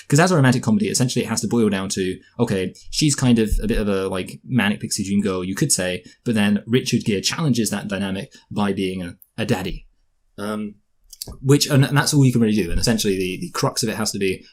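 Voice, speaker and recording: Husky fast-talking man reviewing a film. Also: fairly low pitch. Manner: rambling, self-correcting, jokey. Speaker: podcast co-host, film reviewer. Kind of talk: casual film review chat.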